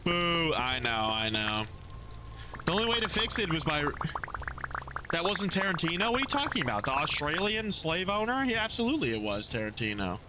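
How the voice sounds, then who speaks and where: A man's voice: a little high, brisk, background noise. A young man streaming a game, chatting casually with his viewers, answering chat and often trailing off mid-sentence. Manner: animated, reads out and answers chat, trails off and restarts. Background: music.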